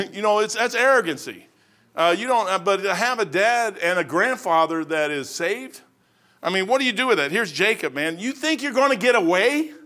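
A man's voice: high voice, lively intonation, bright, forceful tone. An older man preaching a sermon in a folksy, rambling way, acting out the people in his stories. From Kentucky. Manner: folksy, rambling, acts out Bible figures in quick voices.

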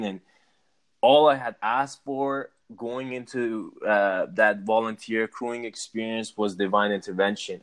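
A man, a musician being interviewed, telling a personal story in a casual, animated way and acting out his own reactions. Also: fairly low pitch. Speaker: guest, musician.

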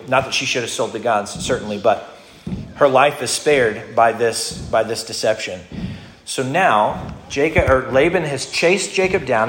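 A male pastor giving an expository sermon in a conversational teaching manner, often restarting his phrases. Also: mid-range voice. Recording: roomy hall echo, faint noise.

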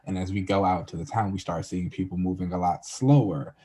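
A man with a very deep, husky voice chats in an easygoing way and chimes in with agreement. He laughs along readily and then takes over long stretches of relaxed recap. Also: brisk. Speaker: podcast co-host. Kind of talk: casual TV recap chat.

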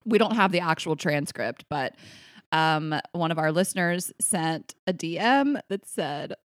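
A woman co-hosting a casual podcast, reading out listener messages with frequent giggles. Her voice sits on the lower side, and the recording is dry and close with no room sound. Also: animated, measured pace, no echo. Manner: giggly, breaks into high laughter. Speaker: podcast co-host.

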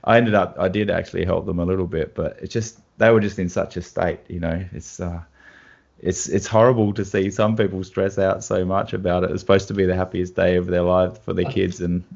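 A man's voice: low-pitched, brisk, gravelly. A man with an Australian accent, a guitarist telling stories and laughing in a casual chat. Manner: animated anecdotes with laughs. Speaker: guest guitarist. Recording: dull lo-fi sound.

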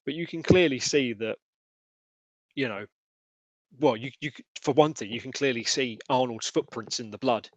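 A man narrating as game master, halting with many fillers. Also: medium pitch, no echo. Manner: hesitant, filler-heavy narration.

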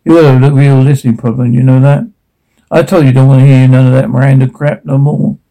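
An actor playing an abusive, menacing middle-aged father in a video game, speaking with slow, contemptuous threats and a gravelly voice. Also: medium pitch, level tone, dark tone, lightly acted, poor audio.

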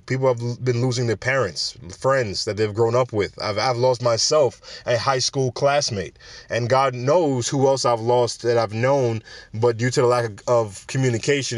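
A man's voice: mid-range voice, no room sound. Casual New podcast man, dry sound. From New York. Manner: casual, street-slangy, rambling asides. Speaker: podcast host. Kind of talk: solo podcast commentary. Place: home in South Florida.

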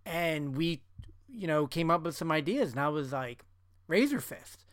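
A man's voice: on the high side, normal speed, a bit bright, clear, resonant tone, dry recording, studio quality. A man co-hosting a podcast in casual chat, talking in a loose, chatty way full of fillers. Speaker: podcast co-host.

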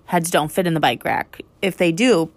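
A young woman, a high school teacher, telling stories casually with lots of "like" and "um". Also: moderate pace, dry recording. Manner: chatty, lots of "like" and "um". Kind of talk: casual storytelling.

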